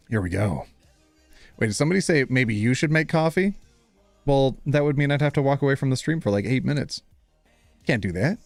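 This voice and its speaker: Playful, chatty male streamer with an animated voice. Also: medium pitch, no echo. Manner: playful and chatty, talking to viewers and laughing a lot. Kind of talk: casual live-stream chat reading posts aloud.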